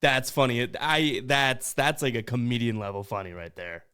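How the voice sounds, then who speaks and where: A man's voice: mid-range voice, steady tone, normal speed, pushed and bright, smooth. A man from Boston hosting a podcast, reacting to voicemails in a casual, chatty way with frequent laughs. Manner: chatty, laughs often, stumbles over words. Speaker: podcast host.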